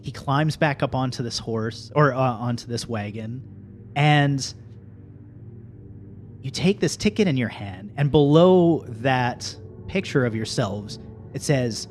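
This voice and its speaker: A man narrating a tabletop game as game master, in a slow, hushed storytelling manner. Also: mid-range voice, faint music behind.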